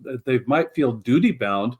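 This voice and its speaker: A man's voice: medium pitch, animated, moderate pace, a little mellow, husky, dull audio. A middle-aged man, a guest in an interview, telling his story in an earnest, reflective way with frequent restarts. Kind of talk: conversational storytelling.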